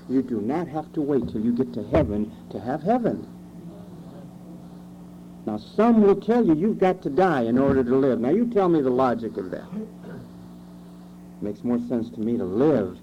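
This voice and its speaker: A man preaching a sermon, emphatic, asking rhetorical questions and shifting his pace. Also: mid-range voice. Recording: dull lo-fi recording with faint hum.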